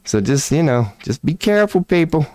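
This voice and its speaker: On a livestream where he also offers tarot readings, a man rants casually, profane and rambling, his pitch swinging widely as he gets excited. He talks briskly, with clean studio sound and no echo.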